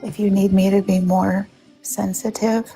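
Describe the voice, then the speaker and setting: A woman's voice: medium pitch, flat delivery, unhurried, mellow, faint music behind. A woman co-hosting a live stream, chatting casually and joking as she thinks aloud. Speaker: co-host. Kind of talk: casual livestream chat.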